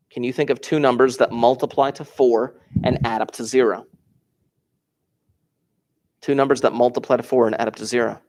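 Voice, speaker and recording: A man teaching a math class, explaining each step in order. He repeats the key points and puts heavy stress on important words. His voice sits at an ordinary middle pitch. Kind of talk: classroom lesson.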